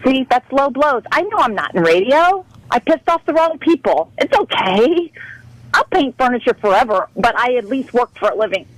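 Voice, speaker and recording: Brief: fired-up female radio caller, high voice, pleading and profane. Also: sing-song, normal speed, no room sound, rough recording. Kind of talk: call-in radio rant.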